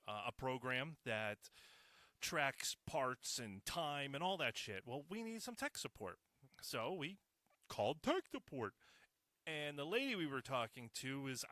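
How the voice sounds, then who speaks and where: A man talks through a casual podcast rant, swearing freely and joking with a sarcastic edge. His pitch swings widely and his tone is bright and forward. The sound is dry and close. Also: no echo. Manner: profane, animated, sarcastic. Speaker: podcast host.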